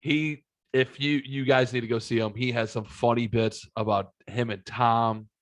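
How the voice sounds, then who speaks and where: A man's voice: mid-range voice, steady tone, moderate pace. A man hosting a podcast in casual, profane, rambling chat. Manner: profane, rambling, laid-back. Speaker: podcast host.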